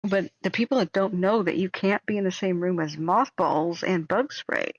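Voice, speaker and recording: A wildfire-tracking live streamer chats casually with a lowish, slightly sore voice at a moderate pace. She talks emphatically and repeats words as she starts sentences. Her home streaming setup yields a muffled recording.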